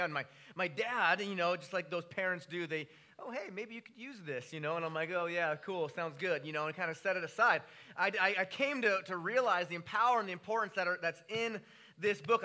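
A man in his thirties preaching a sermon, telling a story with animated, rising delivery. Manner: animated storytelling, pitch jumping when excited. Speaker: pastor.

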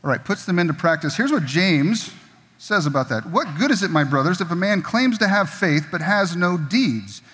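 A middle-aged man preaching in a church, relaxed and jokey, now and then slipping into other people's voices. His voice sits a bit high for a man, and a long reverb trails his words through the hall. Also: normal speed, husky. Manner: conversational, jokey, acts out quoted voices. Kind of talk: sermon. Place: church sanctuary.

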